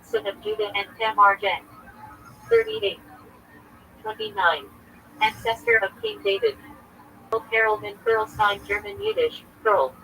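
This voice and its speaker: A man speaks as a rabbi on a livestream, reading down a list in short, terse fragments. His voice has a gravelly edge and a bright, sharp tone. His pitch leaps up and down a lot from word to word. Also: very animated, a little slow, long pauses, slight background noise, poor audio. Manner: clipped fragments, terse and listing.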